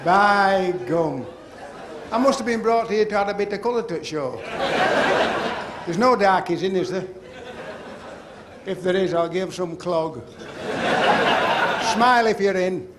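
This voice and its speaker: A male comedian doing live stand-up, loud and chummy as he teases the audience. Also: high-pitched, unhurried, pauses often, heavy background noise. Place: comedy club stage. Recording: echoey live club, loud crowd laughter.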